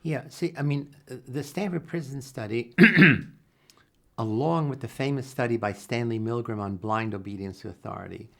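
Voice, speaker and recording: Older male psychologist, gravelly voice, earnest storyteller with lively quoted dialogue. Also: mid-range voice, moderate pace. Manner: earnest, animated retelling with acted-out quotes and many restarts. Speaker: psychologist interviewee. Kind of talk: reflective interview storytelling.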